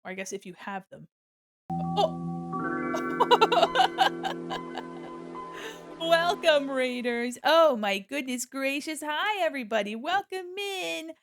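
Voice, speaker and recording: A woman's voice: sits high, big pitch swings, takes it slowly, pauses often, over loud music. A young woman streaming as an illustrator, chatting casually with bubbly, giggly greetings to her viewers. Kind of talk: casual livestream chat.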